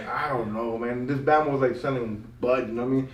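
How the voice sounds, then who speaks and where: A young man telling a story in casual chat with friends. He is animated and slangy, swears a lot and laughs as he talks. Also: mid-range voice, fairly quick. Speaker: podcast co-host. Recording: echoey room, mic at a distance.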